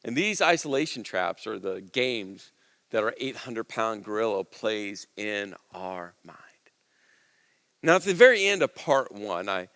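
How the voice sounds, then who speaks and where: A man preaching a sermon in an earnest, conversational way, dropping to soft low asides and rising for emphasis. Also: very animated, measured pace, in a large hall. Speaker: pastor.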